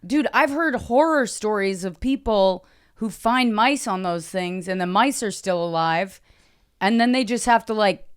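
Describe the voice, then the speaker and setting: A woman's voice: medium pitch, a little slow, clean tone. A woman comedian guest on a podcast, trading dry jokes in casual chat and giggling.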